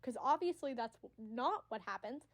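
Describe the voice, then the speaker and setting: A woman giving casual, excitable fan commentary on a story, rambling and swearing freely. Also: a little high, moderate pace. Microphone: audio-only recording.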